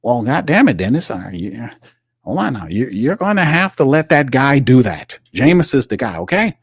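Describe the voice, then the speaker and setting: A man's voice: on the low side, expressive, creaky, a little mellow, slightly rough, no echo, clean studio sound, exaggerated voice. A man doing an impression of a flustered male team executive who stammers and rambles, full of restarts and filler words. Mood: scolding. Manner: halting, full of "you know" and restarts.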